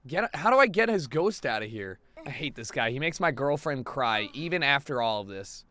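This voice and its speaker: A young man giving profane, excitable let's play commentary as a gaming video host, now and then bursting into shouts. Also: mid-range voice, normal speed, hardly any pauses.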